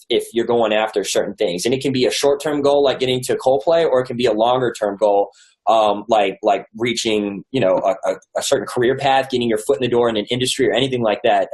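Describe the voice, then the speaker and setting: A man's voice: mid-range voice, darkish tone, poor audio. A man, an author being interviewed, telling a story casually with lots of fillers and restarts. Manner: rambling with many likes and restarts. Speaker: author and guest.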